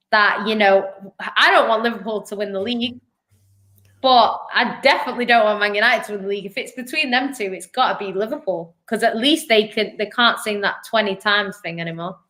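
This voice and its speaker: A woman's voice: medium pitch, normal speed, a bit bright. A woman co-hosting a live football fan show, making her case in a chatty, argumentative way. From Manchester, England. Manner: chatty, argumentative, lots of "do you know what I mean". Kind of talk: casual live-stream football chat.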